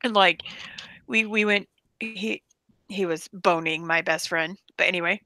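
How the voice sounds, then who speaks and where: A woman co-hosting a casual chat, telling funny stories in an animated, laughing way. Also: fairly low pitch, measured pace, dry recording.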